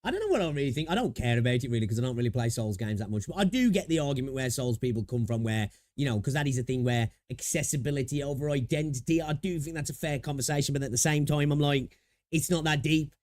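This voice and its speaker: A man with a mid-range voice does casual livestream commentary while watching a video. He's animated and fast, rambling as he thinks aloud, laughing readily, and checking in again and again with "right?".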